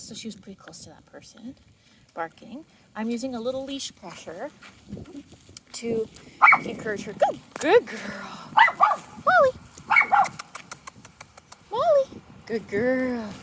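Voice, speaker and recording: A woman dog trainer explaining calmly while walking a dog outdoors and breaking into high-pitched praise for the dog. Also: a little fast, very noisy. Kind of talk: explaining on a walk. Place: outdoors on a neighborhood walk.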